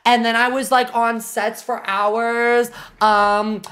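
A young adult woman streaming a reaction video, chatting casually, swearing constantly and bursting into loud laughter. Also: on the high side, level tone, slow. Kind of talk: casual livestream reaction chat.

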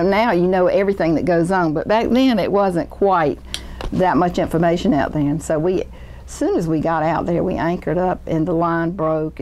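A woman's voice: lowish voice, darkish tone, a little hiss or hum, poor audio. A woman telling a chatty story about shrimping in an interview. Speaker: former shrimper.

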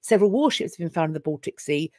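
Fast-talking and animated, a woman with a low-pitched, somewhat mellow voice hosts a casual history live stream in a London accent. The English host is chatty and wry, often interrupting herself, and the dry recording has clean studio sound.

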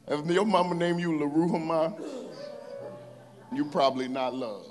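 A man with a high, light voice preaches in church, reading scripture slowly and with emphasis between playful asides to the congregation. Faint music plays softly behind him. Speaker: pastor. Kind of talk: sermon. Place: church sanctuary.

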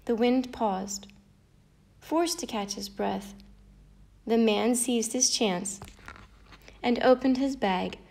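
Slow, expressive storytelling woman. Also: a little high, gravelly. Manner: expressive, lilting read-aloud. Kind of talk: storybook narration.

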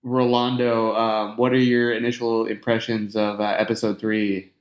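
A man's voice: lowish voice, flat delivery, normal speed, dull audio. A man hosting a casual podcast chat, rambling with lots of fillers while steering the conversation. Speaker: podcast host. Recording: roomy echo.

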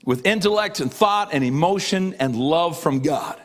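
Middle-aged pastor guy preaching, fairly high voice, repeats himself for emphasis, slows way down and goes low on the big lines. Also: expressive. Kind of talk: sermon.

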